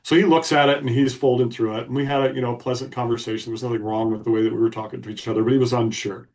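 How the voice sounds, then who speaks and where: A man's voice: mid-range voice, fairly even intonation, racing, a little mellow, distant mic. A man co-hosting a podcast, telling a story in a blunt, emphatic way. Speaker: podcast co-host. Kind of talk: casual storytelling.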